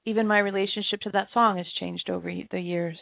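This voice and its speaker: A woman's voice: medium pitch, steady tone, fast talker, creaky, no echo. A woman co-hosting an internet radio show, telling stories in a reflective, casual way and laughing often. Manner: reflective storytelling with frequent laughs. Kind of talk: casual chat. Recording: tinny phone-line audio.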